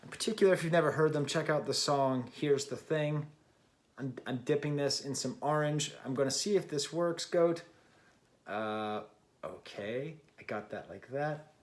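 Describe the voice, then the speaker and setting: A man's voice: a little high, normal speed. A middle-aged man hosting his own music review show, talking casually and unscripted, chatty and self-deprecating with frequent ums and restarts. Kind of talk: casual unscripted video talk.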